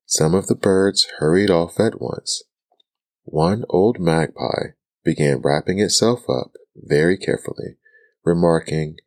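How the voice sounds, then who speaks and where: A man reading a bedtime story in a soft-spoken ASMR style, calm and soothing, close to the mic. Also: low-pitched, unhurried.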